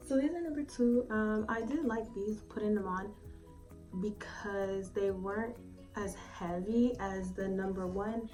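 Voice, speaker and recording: A woman giving a casual, rambling review at home, swearing freely and filling her speech with "like" and "um". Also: medium pitch. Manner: chatty, swears freely, lots of "like" and "um". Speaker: beauty vlogger. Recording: slightly distant mic with faint music.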